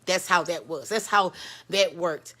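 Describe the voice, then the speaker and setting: A Texas woman, candidly telling a personal story, frank and profane, swinging from loud outbursts to hushed lows. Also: unhurried, faint music behind. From Houston, Texas. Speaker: host.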